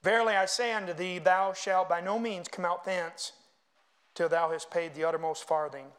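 High-pitched guy preaching a sermon, reads verses then riffs to the church. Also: normal speed. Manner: animated preaching, reads scripture aloud, asides to congregation. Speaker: pastor.

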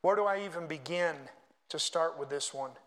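A man preaching a sermon, reading scripture aloud and making animated asides to the congregation. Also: a little high, moderate pace. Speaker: pastor.

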